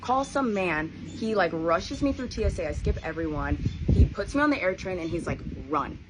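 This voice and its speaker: Low-voiced woman telling a story. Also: normal speed. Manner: animated, acts out quoted voices. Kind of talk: casual storytime vlog. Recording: noisy background ambience.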